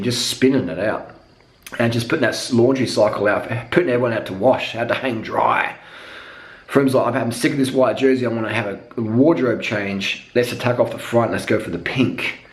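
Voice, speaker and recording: Male vlogger, mid-range voice, profane off-the-cuff rant, recorded in a reverberant room. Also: mid-range voice. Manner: profane, rambling, emphatic repetition. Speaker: cycling vlogger. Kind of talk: unscripted monologue rant. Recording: echoey room.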